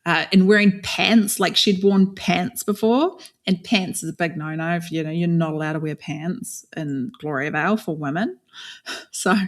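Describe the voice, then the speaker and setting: Candid woman from New Zealand, lowish voice. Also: moderate pace. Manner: candid, conversational, frequent fillers and restarts. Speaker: guest. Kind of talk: podcast interview storytelling.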